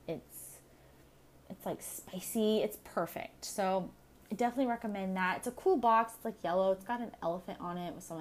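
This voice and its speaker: Chatty fast-talking woman podcaster. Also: medium pitch. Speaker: podcast host. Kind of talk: casual solo podcast chat.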